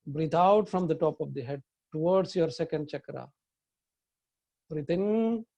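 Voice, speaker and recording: A man, a yoga teacher, slowly guiding a chakra meditation, giving calm breathing instructions and chanting mantras in long tones. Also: a little high, creaky, dry recording.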